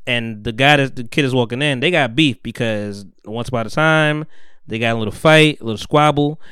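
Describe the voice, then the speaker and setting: Brief: man hosting a podcast, animated storyteller, smooth clean voice, dry close sound. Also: mid-range voice, brisk, no room sound. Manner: animated storyteller, profane slang, acts out quotes. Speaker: podcast host. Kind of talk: casual chat, recapping a TV episode.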